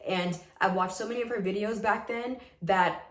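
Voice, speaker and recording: A woman's voice: mid-range voice, moderate pace, reverberant. A woman in her early twenties telling a personal story to camera in a casual, earnest and emphatic way, full of "like". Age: early 20s. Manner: earnest and emphatic, heavy use of "like". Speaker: vlogger.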